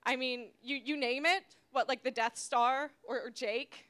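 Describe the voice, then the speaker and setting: Bright high-pitched young woman comic. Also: fairly even intonation, a little slow. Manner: rambling, self-deprecating, shifts into loud shrill voices for quoted bits. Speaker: stand-up comedian. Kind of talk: stand-up comedy set.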